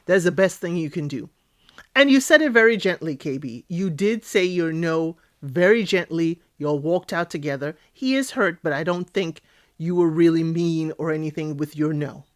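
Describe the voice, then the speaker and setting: A woman talks through a reality TV recap in a lively, opinionated way, throwing in sassy asides. Her voice sits a little low. The sound is close and dry, with almost no room echo. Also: moderate pace. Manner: animated, outspoken, sassy asides. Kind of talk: casual recap commentary.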